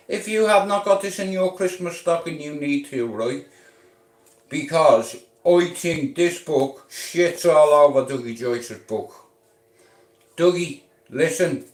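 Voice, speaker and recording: A man with an Irish accent rambling on a live stream, intense and swaggering, swearing and repeating questions at his viewers. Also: on the high side. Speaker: livestreamer. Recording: roomy echo.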